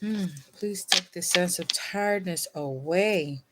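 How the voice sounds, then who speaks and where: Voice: medium pitch, slow, very noisy. Sleepy, rambling tarot reader. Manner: rambling, self-interrupting, with laughs and fillers; reads card meanings from a guidebook aloud. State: sleepy, yawning. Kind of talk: casual tarot reading to camera.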